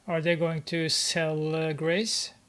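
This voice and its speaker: A speaker casually recapping a film, amused and mocking, with many filler pauses. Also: mid-range voice, little pitch movement, fairly bright tone. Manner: halting, with many filler pauses and frequent laughter. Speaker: movie recap commentator.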